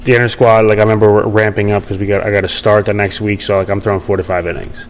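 A man's voice: fairly low pitch, level tone, fast talker, poor audio. A young man telling his story in a casual interview, rambling with many fillers and restarts. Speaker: podcast guest.

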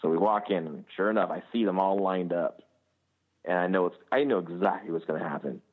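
A man in his thirties hosting a podcast, telling a lively family anecdote. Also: sits low, brisk. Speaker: podcast host. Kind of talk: casual chat. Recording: tinny phone-line sound.

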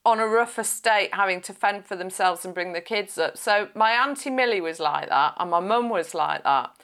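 A woman's voice: medium pitch, normal speed, a bit bright. Woman in her 40s, podcast guest, chatty and blunt, keeps laughing. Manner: frank, chatty, laughs often mid-sentence. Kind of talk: podcast interview chat.

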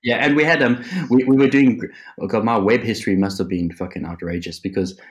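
Brief: lower-voiced male creative, chatty, laughs a lot, swears freely. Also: fairly quick, lo-fi sound. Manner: laughing, swearing, animated storyteller. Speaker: guest, art director. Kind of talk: casual podcast interview chat.

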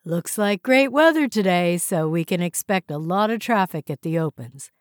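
A woman's voice: fairly low pitch, very animated, measured pace, no echo, clean studio sound. A woman voicing a confident, upbeat young male real estate boss giving orders to his agents. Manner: upbeat, commanding.

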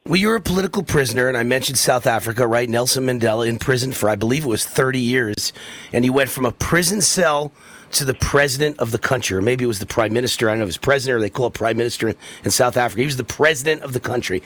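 A man's voice: mid-range voice, quick pace, fairly bright tone. Heated man hosting talk radio. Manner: emphatic, repetitive and heated. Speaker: radio talk show host.

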